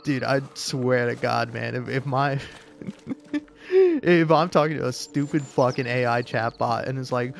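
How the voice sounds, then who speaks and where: A man's voice: medium pitch, very animated, a little slow, creaky, slight background noise. A man giving casual gameplay commentary, rambling and swearing a lot, laughing often as he builds into mock outrage. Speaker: gaming video creator.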